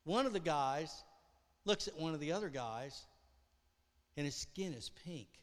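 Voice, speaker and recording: A high-voiced man preaches in a church sanctuary, telling the story with great animation and acting out the voices. He swings from loud outbursts to near-whispered lines. His voice rings with the long reverb of a large church hall. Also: animated, a little slow. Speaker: pastor. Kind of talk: sermon.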